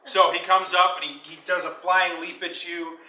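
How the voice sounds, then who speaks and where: Male dungeon master, bright, laughs easily; far-off roomy recording. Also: high voice, flat delivery, moderate pace. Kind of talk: narrating a tabletop game. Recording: echoey room, mic far off, faint hiss.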